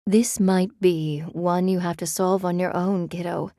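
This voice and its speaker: A woman's voice: on the low side, fairly even intonation, unhurried, dark tone, no room sound. A woman voicing a blunt older sister who talks in a frank, dry way.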